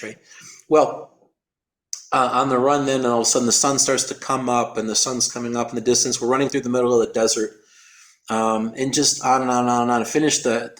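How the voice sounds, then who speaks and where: A man with a middle-pitched voice recounts an endurance race in an interview. He often restarts and repeats his words, and he explains things in a careful, technical way. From United States. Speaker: endurance athlete guest. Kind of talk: storytelling interview.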